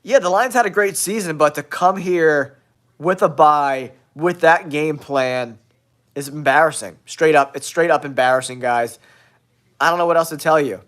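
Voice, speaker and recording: Nasal male sports host with a cold, slightly high voice, blunt excitable takes. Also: moderate pace. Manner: blunt, excitable hot takes addressing viewers. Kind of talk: casual football talk show.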